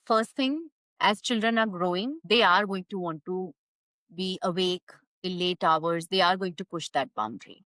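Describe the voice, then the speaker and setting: A woman's voice: mid-range voice, a bit bright, no room sound, poor audio. A woman, a parenting coach giving earnest, step-by-step advice as a podcast guest. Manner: firm, earnest, explains step by step.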